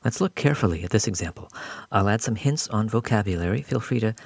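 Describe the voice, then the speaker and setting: A man's voice: lowish voice, animated, fast, gravelly, no room sound. A man giving a patient, explanatory recorded grammar lesson as a language teacher.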